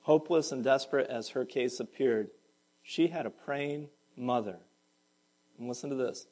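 A male pastor preaching a sermon to his congregation, moving from calm explanation to raised, impassioned pleading. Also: medium pitch, normal speed, low-quality recording.

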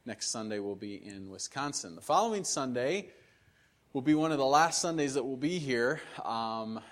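A man's voice: medium pitch, animated, moderate pace. A man, a missionary preaching a casual, folksy sermon to a church congregation. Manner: folksy, self-deprecating, conversational. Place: church sanctuary.

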